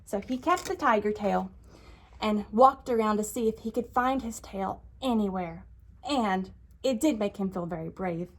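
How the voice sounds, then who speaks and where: A woman librarian reading a children's storybook aloud, expressive with frequent gasps. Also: mid-range voice, normal speed.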